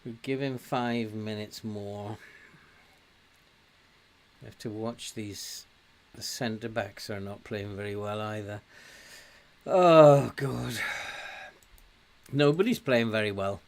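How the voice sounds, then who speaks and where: An Englishman talks over his own gameplay in a relaxed, grumbling way. He mocks himself and tells off the players on screen. His commentary is casual and unscripted. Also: lowish voice, takes it slowly, long pauses, slight background noise. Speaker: gaming commentator. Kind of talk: casual let's-play commentary.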